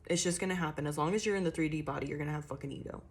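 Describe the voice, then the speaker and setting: A woman's voice: low voice, very fast. Chatty, profane woman giving a tarot reading. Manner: loose, chatty and profane, acting out inner monologues. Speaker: tarot reader. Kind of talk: casual channeled tarot reading.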